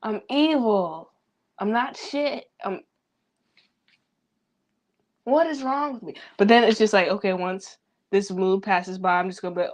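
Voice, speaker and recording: Young woman, vlogger, fast rambling self-talk with heavy swearing. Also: medium pitch. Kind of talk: rambling personal venting.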